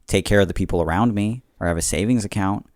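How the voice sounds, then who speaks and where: A man's voice: fairly low pitch, fast talker, a little mellow, dry recording, studio quality. A man co-hosting a podcast, talking casually in a reflective, rambling way with lots of fillers. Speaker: podcast co-host. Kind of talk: casual chat.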